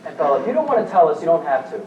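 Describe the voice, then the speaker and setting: A woman's voice: sits low, big pitch swings, very fast, dull audio, background noise. A woman playing a sensible, earnest teenage nephew in an amateur stage play, recorded from far off on an echoey stage. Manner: earnest, reassuring.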